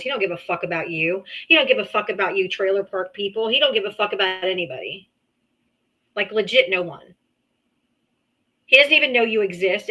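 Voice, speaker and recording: On a poor-quality recording, a livestream host debates politics in a heated call-in, speaking bluntly, swearing, and interrupting her guest. She has a medium-pitched voice with a sharp edge.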